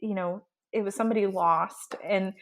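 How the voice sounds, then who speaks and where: A woman's voice: medium pitch, steady tone, moderate pace, fairly bright tone. A woman co-hosting a podcast, recapping a book in casual chat with indignant asides. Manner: chatty, indignant asides, retells scenes with quoted lines. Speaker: podcast co-host.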